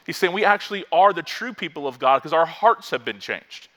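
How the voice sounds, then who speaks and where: A pastor from Florida preaching a lively sermon and acting out the quotes he reads. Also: a little high, brisk.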